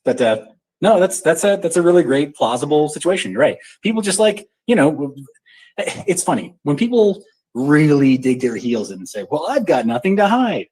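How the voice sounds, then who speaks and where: A man hosting a casual live audio chat, joking and animated as he talks. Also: a little high, normal speed, husky, rough recording. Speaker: show host.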